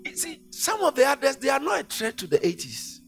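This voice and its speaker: A man delivers a sermon in a high, animated voice that rises and falls widely. He hammers points home through repetition, dropping to a hush and then climbing to a shout. Faint music plays under him. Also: brisk, gravelly. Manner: emphatic, repetitive, swings from hushed to shouting. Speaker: preacher.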